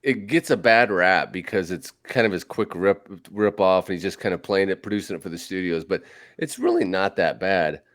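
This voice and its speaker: A man's voice: low voice, expressive, moderate pace. A man hosting a podcast, chatting casually and rambling with lots of fillers and restarts. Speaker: podcast host. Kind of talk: casual chat about movies.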